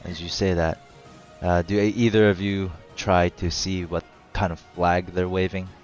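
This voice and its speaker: A man's voice: low-pitched, flat delivery, moderate pace, highs cut off, soft background music. A man narrating as game master of a tabletop game, laid-back and hesitant, often laughing.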